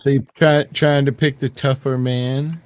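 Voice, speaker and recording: A man's voice: mid-range voice, little pitch movement, measured pace, a little mellow. A man hosting a casual late-night livestream chat from home, laid-back and rambling. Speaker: channel host.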